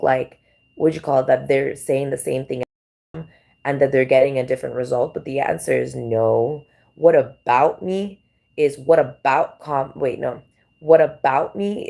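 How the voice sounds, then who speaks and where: A woman's voice: very deep voice, gravelly, dark tone. A woman hosting a livestream, talking in a loose, circling way, repeating her questions and filling gaps with "like" and "right". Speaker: livestream host. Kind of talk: rambling livestream monologue.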